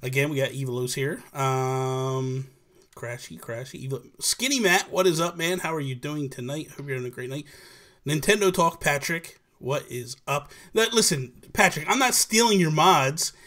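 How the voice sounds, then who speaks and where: Animated man hosting a casual livestream. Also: on the high side, normal speed. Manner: animated, rambling with many restarts, greets chatters. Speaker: livestream host. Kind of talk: casual live chat.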